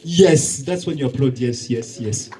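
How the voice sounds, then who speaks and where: A man's voice: medium pitch, a little slow. A man doing a stand-up comedy set and hosting the night, telling stories with acted-out dialogue. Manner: animated storytelling with acted-out dialogue. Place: bar comedy night with laughing audience. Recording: faint noise from a live bar.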